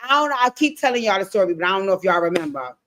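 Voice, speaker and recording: Animated, profane woman recapping a show. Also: mid-range voice, racing, a little hiss or hum. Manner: animated, blunt and profane, addressing viewers directly. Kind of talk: casual show recap commentary.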